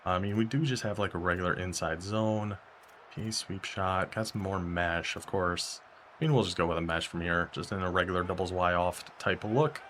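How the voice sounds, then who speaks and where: A man's voice: low-pitched, a little hiss or hum. Man giving play-by-play commentary on his own game. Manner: talks to himself while playing, quick bursts of excitement and frustration. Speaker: gaming YouTuber. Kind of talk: live gameplay commentary.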